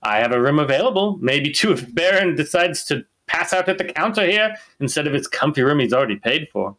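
A woman's voice: low-pitched, sing-song, brisk, fairly bright tone. A man voicing a plump, friendly female dwarf tavern keeper who is chatty and jovial.

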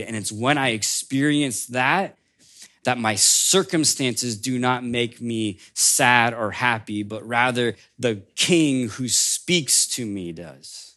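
A man preaching a sermon as a pastor, in a conversational storytelling way that drops soft for emphasis. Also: mid-range voice, measured pace.

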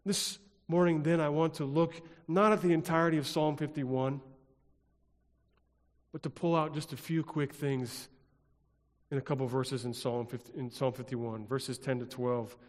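A pastor delivering a sermon in a rhythmic, repetitive style, dropping at times to a hush. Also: male voice, a little high, fairly even intonation, moderate pace, in a large hall. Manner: rhythmic, repetitive preaching with dramatic drops to a hush.

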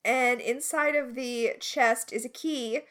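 A woman co-hosting a casual recap chat, animated and sarcastic with quick asides. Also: on the high side. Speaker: podcast co-host.

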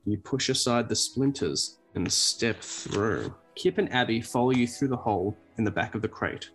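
A man reading an adventure storybook aloud with a lively delivery. His voice sits at an ordinary middle pitch for a man. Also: normal speed, few pauses, breathy edge, faint music behind. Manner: lively read-aloud, breaks off to laugh.

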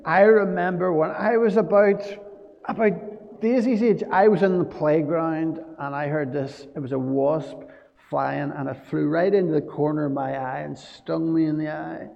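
A male pastor tells a children's story during a church service and keeps asking the little ones questions. His voice sits fairly high, with a gravelly, mellow tone. The sound is slightly dull and carries a long church-hall echo. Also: measured pace. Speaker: pastor giving a children's talk.

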